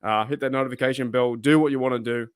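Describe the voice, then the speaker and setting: A man's voice: medium pitch, fairly even intonation, quick pace, clean tone, no room sound, clean studio sound. A man talking casually to the camera as a sports YouTuber, rambling and thinking aloud with frequent asides. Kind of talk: casual solo video commentary.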